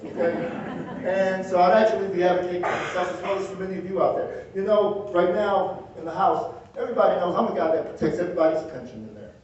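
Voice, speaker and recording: A man in his sixties giving an energetic, joking campaign stump speech, rallying the crowd with shouts. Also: sits high, quick pace, highs cut off, a little hiss or hum. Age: 60s. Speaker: political candidate. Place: indoor hall with audience. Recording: echoey hall, far from mic.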